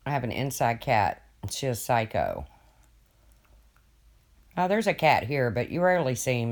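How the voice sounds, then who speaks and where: Older guy rambling on his stream, folksy, cusses a lot, reads chat out loud. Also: mid-range voice. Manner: rambling, folksy, swears casually. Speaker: livestream host. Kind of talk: casual livestream chat, reading viewer comments.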